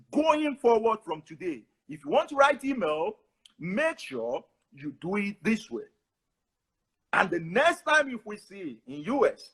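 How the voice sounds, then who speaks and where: Animated husky professor. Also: male voice, sits high. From Nigeria. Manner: animated, repetitive, laughs often. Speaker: professor giving advice. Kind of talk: casual advice talk.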